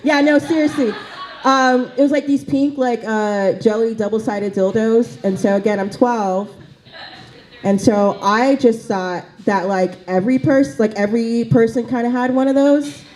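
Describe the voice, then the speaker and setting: A woman's voice: a little high, unhurried, a little mellow, rough recording. A woman doing a stand-up comedy set in a small cafe, chatty and full of fillers and asides.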